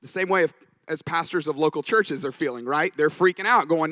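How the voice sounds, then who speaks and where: A man's voice: a little high, fairly quick, pushed and bright, no room sound. A man giving a conference talk as a pastor, telling stories with jokes along the way. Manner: anecdotal, joking storyteller. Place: conference stage.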